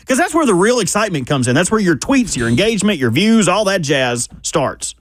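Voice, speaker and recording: A man co-hosting sports talk radio, excitable and rambling, hamming it up. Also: high voice, fairly quick, no echo, studio quality. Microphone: studio microphone.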